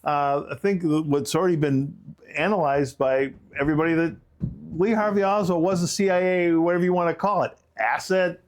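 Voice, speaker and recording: Rambling man podcast host, fairly high voice. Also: steady tone, fairly quick. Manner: rambling, goes off on tangents, many restarts. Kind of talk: casual podcast commentary.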